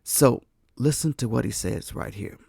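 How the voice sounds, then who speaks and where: A man hosts a podcast in a gravelly, mellow voice, talking casually to his listeners and calling them guys. His delivery is dry and close, with no room sound around it. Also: medium pitch, measured pace, no echo. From United States. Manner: conversational, addresses listeners as guys, asks rhetorical questions. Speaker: podcast host. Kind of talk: casual political commentary.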